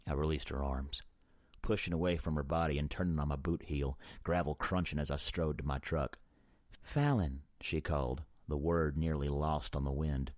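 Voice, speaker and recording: Really deep guy reading an audiobook, slow brooding delivery, dry studio sound. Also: flat delivery, no echo. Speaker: audiobook narrator. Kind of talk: first-person audiobook narration.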